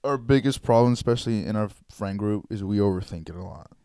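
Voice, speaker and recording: Young man telling bar stories, smooth voice. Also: on the low side, fast, warm tone, dry recording. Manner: swearing, storytelling, laid-back bro talk. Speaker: podcast co-host. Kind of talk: casual chat.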